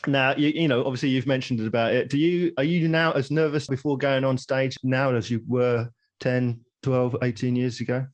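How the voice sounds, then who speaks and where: A man's voice: medium pitch, fairly even intonation, moderate pace, hardly any pauses. A man hosting a podcast who asks questions hesitantly, with ums and uhs, and laughs easily. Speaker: podcast host. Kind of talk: casual podcast interview.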